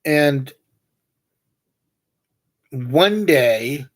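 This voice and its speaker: A man's voice: mid-range voice, lively intonation, very slow. A man hosting a livestream, chatting casually and telling meandering, joking anecdotes. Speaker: livestream host. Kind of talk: casual rambling chat.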